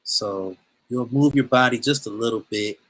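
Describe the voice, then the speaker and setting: Man, bright tense tone, animated storyteller presenting over a video call. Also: mid-range voice, moderate pace, rough recording. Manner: lively storyteller, acts out quotes. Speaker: presenter, drummer. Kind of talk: animated storytelling at an info session.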